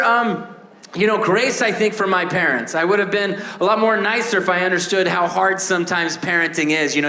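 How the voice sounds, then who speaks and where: A man in his thirties doing a stand-up comedy set, animated, acting out voices and shouting punchlines. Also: very high voice, echoey room, a little hiss or hum. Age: 30s. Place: stage before a laughing audience.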